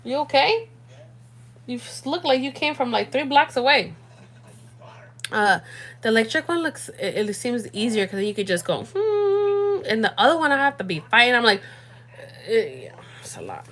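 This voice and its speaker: A young woman chatting casually on a livestream from home at night, animated and slangy, talking straight to her viewers. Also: fairly high pitch, brisk. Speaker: livestream host.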